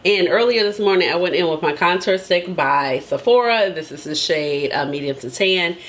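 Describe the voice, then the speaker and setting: Low-voiced chatty woman vlogging makeup. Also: animated, moderate pace. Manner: chatty and emphatic, tags lines with "okay?"; laughs often between remarks. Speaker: beauty vlogger. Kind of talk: casual chat.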